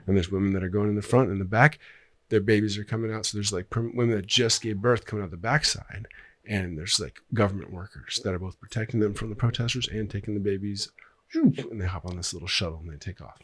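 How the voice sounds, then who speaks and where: A young man with a very low, deep voice tells a long story on a podcast. He rambles loosely, swears freely and leans on "like" between phrases. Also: fast talker, dry recording. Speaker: podcast guest.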